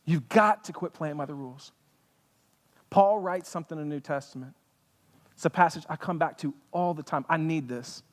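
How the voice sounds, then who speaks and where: A man's voice: a little high, animated, normal speed. A man preaching a sermon as pastor, impassioned, with rhetorical questions and bits of humor. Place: church sanctuary. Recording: long church hall reverb.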